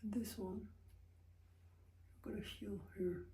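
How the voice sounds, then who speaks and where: A young woman rambles candidly to her camera in a relaxed vlog. Her voice is mellow and warm at a middle pitch. She often dips into soft whispers. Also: measured pace, poor audio. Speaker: vlogger. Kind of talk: casual confessional vlog.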